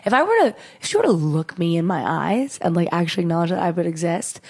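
A young woman co-hosting a podcast in casual chat, telling stories with animated energy and acting out what people said. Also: lowish voice, quick pace. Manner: animated storytelling, acts out voices in quotes. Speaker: podcast co-host.

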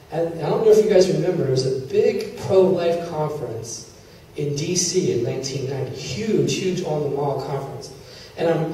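A man's voice: fairly high pitch, dark tone. Man preaching in a very echoey hall. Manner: emotional storytelling, quoting God and others in dialogue. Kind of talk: sermon testimony. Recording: very echoey hall, distant mic, faint hiss.

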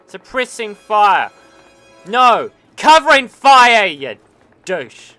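A man giving let's-play commentary on a war game, excitable and ranting, swearing at the game. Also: high voice, slow, no echo, soft background music. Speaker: gaming channel host.

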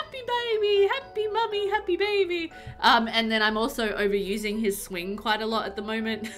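Giggling and chatty, a young new mother streams games and reads her chat aloud, sprinkling in lots of "like" and "um." Her voice is mid-range with a bit of brightness.

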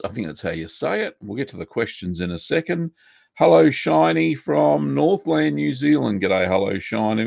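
A middle-aged Australian man hosting a casual live-stream chat, warm and rambling with many ums and uhs as he greets viewers by name. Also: medium pitch, gravelly, no room sound, clean studio sound. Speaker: host of a live cheesemaking Q&A stream.

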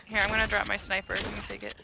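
A woman's voice: mid-range voice, little pitch movement, racing, vocal fry, background noise. A young woman playing a game with a partner, chatting casually in a playful, teasing way and giggling often. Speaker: gaming partner. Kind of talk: casual gameplay chat.

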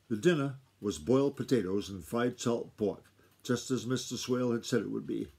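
Mellow husky dad reading aloud. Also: male voice, medium pitch. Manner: steady unhurried read-aloud. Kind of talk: reading a novel aloud to his child.

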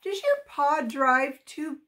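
A bold, outspoken red-headed schoolgirl, as a woman reading a storybook puts her on, bossy yet friendly. She talks up high in a chatty, pushy way. The lines come slowly and clearly. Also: sing-song, a bit bright, heavily acted.

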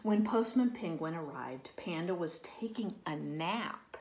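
A woman reading a picture book aloud to children, gently explaining and asking the listener questions. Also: fairly low pitch, lively intonation, unhurried. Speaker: storybook reader.

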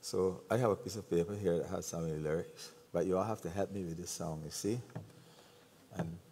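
An older calypsonian closes a public event by joking easily with a live audience in a large hall and leading them in a call-and-response song. His deep voice is warm, steady, slightly rough and a little fast. The recording is echoey, with guitar music.

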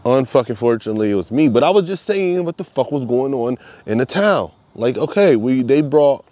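A man's voice: medium pitch, expressive, brisk, warm tone, no room sound. A man talking straight to camera in a casual monologue, swearing a lot and repeating himself for emphasis. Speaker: vlogger.

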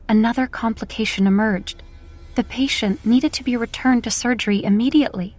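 A woman narrating a romance audiobook in a steady, even storytelling manner. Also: medium pitch. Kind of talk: scripted narration.

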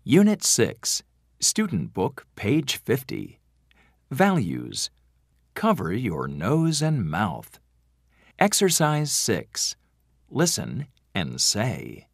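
A man reading out textbook track announcements in a slow, measured, deliberate way. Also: mid-range voice, wildly swooping pitch, vocal fry, no echo, studio quality. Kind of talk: scripted textbook audio announcements.

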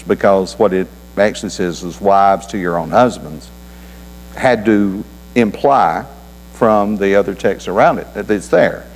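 A man's voice: lowish voice, darkish tone. A man preaching a sermon in a folksy, conversational way, with homespun anecdotes. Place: church auditorium. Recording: reverberant hall with mains hum.

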